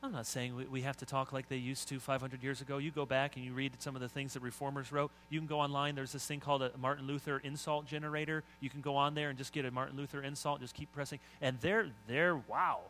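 A man's voice: mid-range voice, flat delivery, fast talker, few pauses, bright, forceful tone, a little hiss or hum. A middle-aged man preaching a sermon as pastor, talking conversationally and rising to emphatic, building lines.

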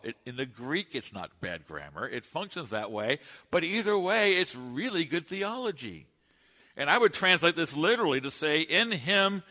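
A man preaching a sermon, emphatic, with dramatic pauses. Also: on the high side, bright, forceful tone. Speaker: pastor. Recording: long hall reverb.

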